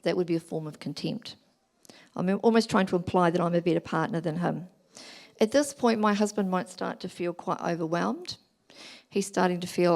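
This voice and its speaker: A middle-aged woman giving a talk at a church family weekend, explaining gently and acting out examples. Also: lowish voice, moderate pace, gravelly. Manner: gentle, explanatory, acts out examples in quoted voices.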